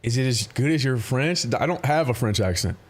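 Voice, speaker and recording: A man's voice: mid-range voice, animated, fairly quick. A man live streaming, talking casually with his viewers, rambling through stories full of swearing and frequent laughter. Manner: profane, rambling storytelling, often laughing. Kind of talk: casual livestream chat with viewers.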